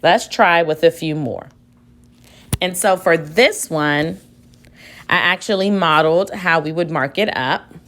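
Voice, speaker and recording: A woman's voice: deep voice, a little slow, fairly bright tone. A woman teacher giving a recorded reading lesson for children at home, patiently sounding out words aloud.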